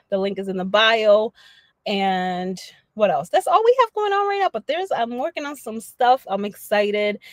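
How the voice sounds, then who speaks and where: A woman chatting casually on a livestream, animated and slangy, laughing often as she talks to her viewers. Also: mid-range voice, no room sound. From Dominican family background. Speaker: livestream host.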